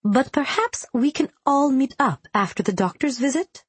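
A woman reading the part of a formal, composed man who speaks in a measured way in a storybook. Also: very high voice, animated, slightly rough, no room sound, voice pushed up, heavily acted. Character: formal, composed male protector.

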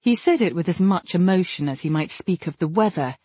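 A woman narrating an audiobook in a measured, steady reading style. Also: fairly low pitch, husky, no echo. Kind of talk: scripted narration.

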